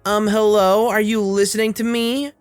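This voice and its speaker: A shrill, scornful entitled woman who snaps and sneers, pitched well above a normal speaking voice, as a male storyteller puts her on. Her lines swing between high and higher as she berates, with a dry, close sound and faint music underneath. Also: big pitch swings, moderate pace, fairly bright tone, dry recording. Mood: irritated. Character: rude entitled middle-aged woman customer.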